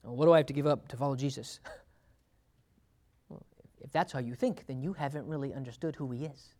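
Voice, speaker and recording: Teaching from the Bible in a conversational way, this preacher has a mellow, mid-range voice and a brisk pace. He laughs often and lifts his voice to act out quotes.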